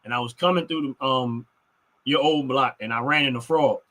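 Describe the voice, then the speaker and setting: A man's voice: medium pitch, normal speed, pushed and bright. A man co-hosting a podcast in casual chat, rambling and filling with "you know what I mean". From Philadelphia. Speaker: podcast co-host.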